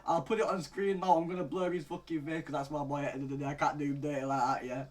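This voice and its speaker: Racing through a story-time rant, a vlogger in his late teens uses a slightly high, steady-toned voice. He rambles and curses, says "bro" almost every phrase, and alternates between mutters and outbursts.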